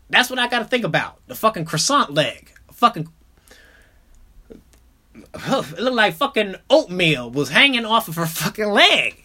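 A young man hosting a podcast, telling a comedic story casually, full of swearing, dropping into mumbled asides and jumping up into loud outbursts. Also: sits high. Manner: animated, profane, jumps between mumbling asides and loud outbursts. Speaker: podcast host.

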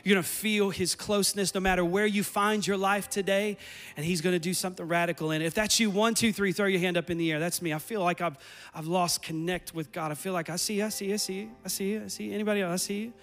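A man's voice: sits high, steady tone, fast talker, fairly bright tone. A man preaching a sermon in a church, building with repetition and urgency and leading a prayer. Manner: preaching with rising intensity and repetition. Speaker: pastor. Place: church sanctuary.

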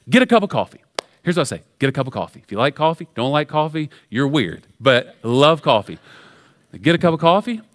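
A middle-aged male pastor delivering a sermon in a church. His voice sits a bit high for a man, and his pitch swings widely as he preaches. He talks in an energetic, conversational way, often restarting his sentences. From American South. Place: church sanctuary.

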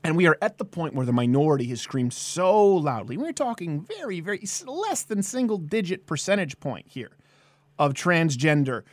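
Male host, live-stream ranter: lively, emphatic, slightly high voice, dry close sound. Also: moderate pace, no room sound. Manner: animated, emphatic ranting with jokes. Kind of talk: political comedy live-stream chat.

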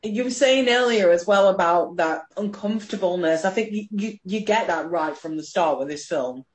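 A woman's voice: medium pitch, moderate pace. Passionate woman, film chat. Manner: animated, swearing, passionate. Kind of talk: casual film discussion.

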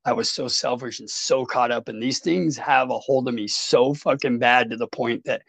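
A man with a gravelly, creaky voice, recorded close and dry with no room sound. He talks as a podcast guest, telling his addiction story in a raw, emotional way and swearing freely. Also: medium pitch, steady tone, normal speed, a bit bright, no echo, rough recording. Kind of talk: candid recovery storytelling.

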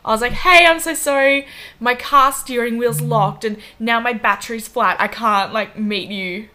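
A young Australian woman in her twenties, co-hosting a podcast and telling an animated story in casual chat, full of "like" and acted-out quotes. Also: on the high side, normal speed. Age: 20s. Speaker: podcast co-host.

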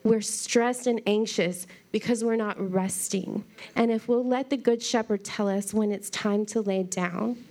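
A woman's voice: medium pitch, steady tone, a little slow, warm tone. A woman pastor giving a conversational sermon, telling stories in an earnest, chatty way.

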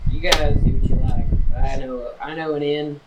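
A man's voice: a little high, fairly even intonation, measured pace, highs cut off. A man playing a tabletop game in character, rowdy and slurring, often breaking into laughter. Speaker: player. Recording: loud background noise.

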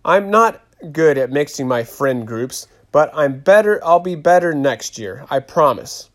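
A man voicing Zemena, a lively, giggly middle-school girl at a sleepover. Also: on the high side, measured pace.

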